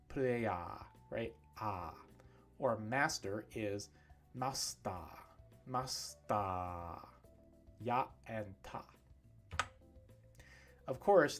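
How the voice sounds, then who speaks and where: Man, English teacher, slow careful delivery, exaggerated sound demonstrations, faint background music. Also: medium pitch. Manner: slow, clear over-articulated demonstrations. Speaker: English pronunciation coach. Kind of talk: livestream English lesson.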